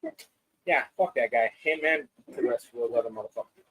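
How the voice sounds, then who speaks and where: A man's voice: mid-range voice, expressive, fairly quick, a bit bright, slightly rough, rough recording. A man hosting a live podcast, talking in a loose, rambling, profane way. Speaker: podcast host. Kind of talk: casual live-stream chat.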